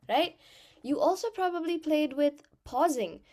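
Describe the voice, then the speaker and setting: Bright-pitched woman teaching a voice workshop, upbeat and encouraging, demos stuff as she goes, audience in the room. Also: moderate pace. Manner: animated, encouraging, demonstrates vocal changes. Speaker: actor and singer giving a voice workshop talk. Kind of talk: lively workshop talk to a live audience.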